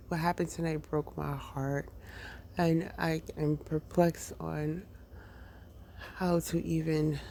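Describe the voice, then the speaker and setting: A woman's voice: sits low, a little mellow, slight background noise. A young adult woman, a mother, casually telling a personal story, hesitant with many fillers and restarts.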